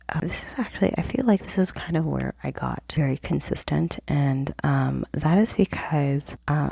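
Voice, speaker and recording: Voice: mid-range voice, gravelly, breathy edge, no echo. A young adult host whispering a casual, rambling planner review into a close microphone in a home office before dawn. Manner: hushed whisper, rambling with fillers. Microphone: plugged-in microphone, close.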